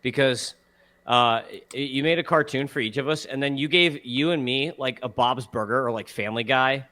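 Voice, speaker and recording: A man's voice: medium pitch, moderate pace, pushed and bright. A man co-hosting a sports podcast in casual chat, joking and teasing the others. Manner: joking, teasing, laughs easily. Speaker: podcast co-host.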